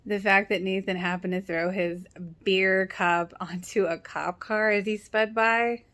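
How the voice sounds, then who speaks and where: A woman's voice: mid-range voice, steady tone, unhurried, a bit bright. Chatty woman recapping a TV episode. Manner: chatty, sarcastic, acts out character lines. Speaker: TV show reaction vlogger. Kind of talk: casual recap chat.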